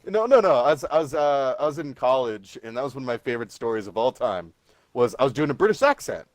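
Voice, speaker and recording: A man co-hosting a podcast in casual chat, joking around with quick asides. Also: medium pitch, big pitch swings, dry recording. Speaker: podcast co-host.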